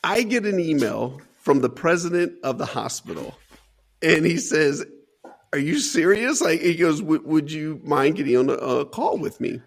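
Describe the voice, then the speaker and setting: His voice is a little high and creaky at a normal pace. He is a forty-something CEO from Dayton, Ohio, an energetic storyteller on an interview show who acts out quotes and laughs often.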